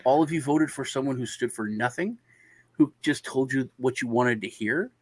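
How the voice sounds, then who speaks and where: A man's voice: medium pitch, normal speed, no echo. A man telling a long anecdote on a casual panel show and acting out the other people in it. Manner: animated anecdote-telling, acts out quoted voices. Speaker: panel guest.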